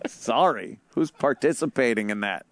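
A man's voice: medium pitch, lively intonation, normal speed, dry recording, clean studio sound. A man in casual comedic chat, crude and joking, swearing a lot.

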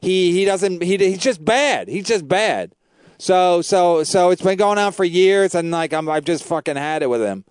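A man's voice: sits high, lively intonation, moderate pace, clear, resonant tone, no echo. A man, a comedian and podcast host, telling rambling profane stories in casual chat.

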